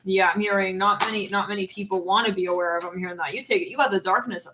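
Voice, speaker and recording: A woman's voice: medium pitch, steady tone, fast, sharp tone. A woman giving a casual channeled tarot reading, rambling with lots of fillers and frequent giggles. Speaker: tarot reader.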